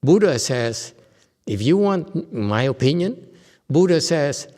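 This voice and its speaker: A man's voice: a little high, very animated, takes it slowly, dark tone. A Buddhist master from Vietnam giving a dharma lecture in a temple hall, joking and conversational, often checking in with his listeners. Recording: long reverb in a hall.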